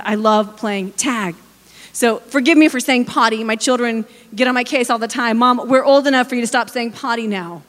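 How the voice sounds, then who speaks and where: A woman's voice: high-pitched, a bit bright. A woman in her forties preaching a sermon, telling personal stories with humor and speaking directly to the congregation. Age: 40s. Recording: long hall reverb.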